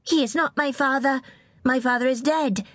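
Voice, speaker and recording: A woman's voice: high-pitched, dry recording, voice pushed up. A woman playing a bold young girl queen. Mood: defiant. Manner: bold, quick to flare.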